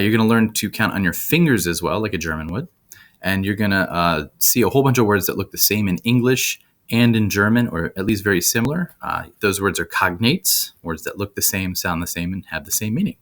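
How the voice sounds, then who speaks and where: A male teacher with a very low voice walks beginners through a German lesson. He says each word slowly and repeats it with deliberate care. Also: expressive, fairly bright tone. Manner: slow, deliberate word repetitions. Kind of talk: language lesson video.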